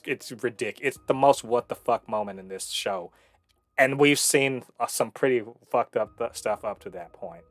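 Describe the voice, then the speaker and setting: A man co-hosting a casual review show, talking in an animated, profane way full of fillers and restarts. His voice sits in a middle pitch. Faint music plays behind him. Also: no room sound. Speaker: podcast co-host reviewing shows. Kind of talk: casual chat.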